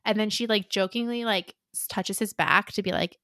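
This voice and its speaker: A woman co-hosts a casual book chat, dropping wry, sarcastic asides and reading quotes out from her notes. Her pitch is average, and the mic is dry and close. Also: brisk, bright, forceful tone, no room sound. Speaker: podcast co-host.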